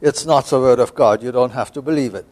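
A man's voice: medium pitch, fast, darkish tone, close to an everyday voice. A crafty serpent tempter voiced by a man speaks with a German accent. He is mocking and dismissive, and he scoffs at every word he is told to believe. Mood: scoffing.

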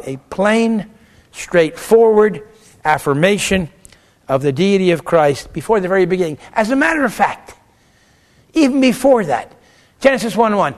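A man lectures a class on theology, pitched noticeably high for a man. He argues both sides of a question aloud, firing off rhetorical questions and snapping back short answers. His delivery stays animated and emphatic. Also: moderate pace.

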